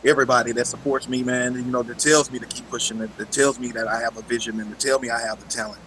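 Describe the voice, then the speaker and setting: A man's voice: medium pitch, level tone, fast talker, background noise. A man guesting on a live radio interview, earnest and grateful, dropping "man" at the end of his lines. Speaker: musician guest.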